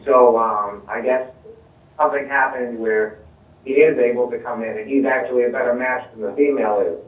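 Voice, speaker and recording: A man chats as a guest in an easygoing way, leaning on fillers as he goes. His voice sits at an ordinary pitch. It arrives from a distance, with a roomy echo around it. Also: moderate pace. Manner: easygoing, relaxed talk with many fillers. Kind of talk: casual chat. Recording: roomy, distant remote audio.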